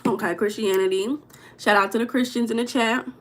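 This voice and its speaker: A woman's voice: a little high, steady tone, fairly quick. A young woman hosting a casual livestream, talking loosely and greeting viewers in the chat by name. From United States. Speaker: livestream host.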